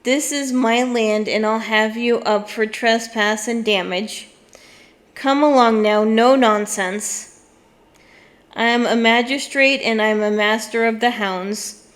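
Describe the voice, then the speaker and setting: A stern old country magistrate from a storybook, bitter and sure of himself, talking in a gruff, accusing way. He speaks slowly and weighs his words, in a fairly high voice that a woman puts on. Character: stern older male magistrate, bitter and blustering.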